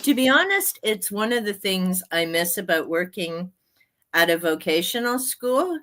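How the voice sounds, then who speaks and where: Older lady in her 60s chatting on her stream, slow and drawn out, bright voice, laughs a lot. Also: medium pitch, big pitch swings. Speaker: livestream host. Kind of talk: casual chat.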